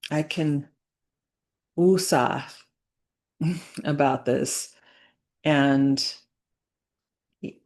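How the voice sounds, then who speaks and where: Woman, low voice, slow unhurried delivery, halting with fillers and restarts, earnest reflective vlog talk. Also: darkish tone. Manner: earnest, faith-centered. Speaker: business owner vlogging.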